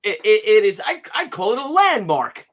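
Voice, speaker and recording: A man's voice: high-pitched, normal speed. A man in his fifties hosting a casual live stream, joking and telling anecdotes. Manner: jokey, animated, tells gags and anecdotes. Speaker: stream host.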